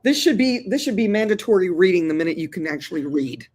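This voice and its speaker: A woman in her sixties, an actor and therapist, talking as a guest in an interview in an animated, colloquial way, calling listeners "y'all". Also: fairly low pitch, quick pace. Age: 60s. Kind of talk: lively interview conversation.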